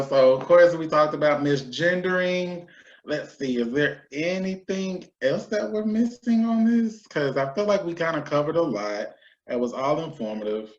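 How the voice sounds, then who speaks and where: Playful young man in a roomy, muffled recording. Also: medium pitch. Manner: playful, quick to laugh. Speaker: co-host. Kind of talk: casual educational discussion.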